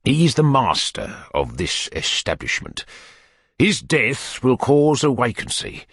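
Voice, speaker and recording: A man voicing a pompous, amorous middle-aged parish beadle who woos in courtly, wheedling tones that sink to soft murmurs. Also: mid-range voice, huge pitch swings, takes it slowly, gravelly, husky, dry recording, clean studio sound, pitched above the performer's own voice, exaggerated voice. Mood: rapturous.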